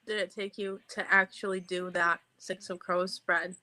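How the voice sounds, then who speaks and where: A young woman chatting casually on a reading stream, quick and full of "like" fillers. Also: on the low side, little pitch movement, bright, forceful tone. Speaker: guest reader on a stream. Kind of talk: casual chat.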